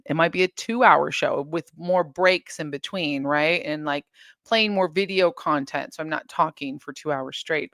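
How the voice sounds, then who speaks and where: A woman's voice: fairly low pitch, a bit bright, no echo, studio quality. A woman hosting a casual livestream from her home, chatting straight to viewers and reading their comments aloud. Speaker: livestream host.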